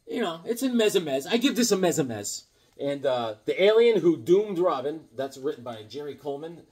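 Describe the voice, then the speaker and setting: A man with a higher, sing-song, slightly rough yet somewhat mellow voice chats a little fast about his comic collection. He rambles and jokes with fillers, slipping into put-on voices for his anecdotes.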